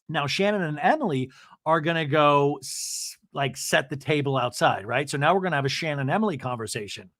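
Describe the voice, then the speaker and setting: A man's voice: on the high side, lively intonation, fairly quick, a bit bright, no room sound, studio quality. A man hosting a podcast, recapping in a chatty, gossipy storytelling way. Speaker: podcast host. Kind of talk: casual recap commentary.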